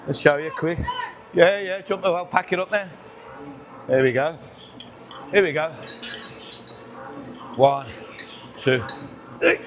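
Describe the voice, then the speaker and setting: A man's voice: fairly high pitch, takes it slowly, pauses often, a crowd in the background. A man chatting casually while training in a busy gym, counting reps and getting out of breath between sets. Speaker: gym vlogger. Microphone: camera on tripod nearby.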